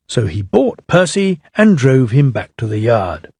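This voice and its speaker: Unhurried older male storyteller. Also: medium pitch, sing-song, gravelly, darkish tone, breathy edge, dry recording, studio quality. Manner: measured and unhurried. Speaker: narrator. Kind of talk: scripted storybook narration.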